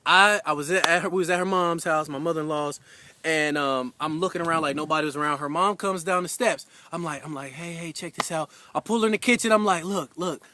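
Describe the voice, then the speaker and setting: High, bright-voiced young man telling a story. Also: fast talker, no echo. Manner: casual, filler-heavy, animated retelling. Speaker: husband giving an anniversary message. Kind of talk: heartfelt personal storytelling.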